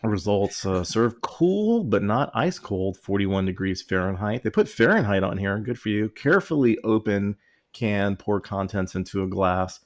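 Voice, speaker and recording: Low-voiced guy on a podcast, jokey and rambling, laughs a lot. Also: animated, moderate pace. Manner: joking, rambling, laughs often; reads can labels aloud mockingly. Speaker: podcast co-host. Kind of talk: casual chat.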